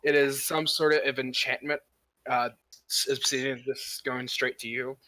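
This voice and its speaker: A man narrating as game master, halting with many fillers. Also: mid-range voice, flat delivery, bright, forceful tone, no echo, poor audio.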